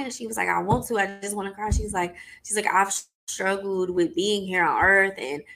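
Woman w/ aave just talking on her podcast, bright punchy voice, keeps checking in with "okay?". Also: medium pitch. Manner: emphatic, repetitive, conversational with frequent "okay?" and "y'all". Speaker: podcast host and mental health business owner. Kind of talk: casual solo podcast talk.

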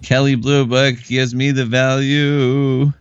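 A man co-hosting a talk show, easygoing and quick to agree, over a dull lo-fi mic. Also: mid-range voice, flat delivery, smooth, dry recording. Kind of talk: casual podcast chat.

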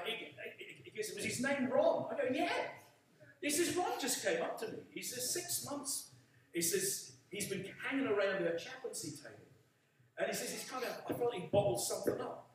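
A man's voice: high voice, a little hiss or hum. A man preaching, telling a story and leading prayer, acting out the dialogue. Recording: echoey room from far off.

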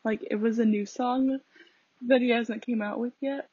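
A woman's voice: a little high, fairly even intonation, normal speed, warm tone, slightly rough, dry recording. A young woman hosting a casual podcast, rambling chattily with lots of fillers and laughing at herself. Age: young adult. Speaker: podcast host. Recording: dull lo-fi home recording.

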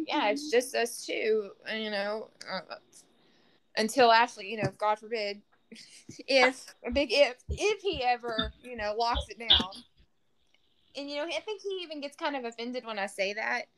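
A woman's voice: on the high side, a bit bright. A single mother talking earnestly in a podcast conversation, often restarting her sentences. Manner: earnest, frequent restarts and "you know".

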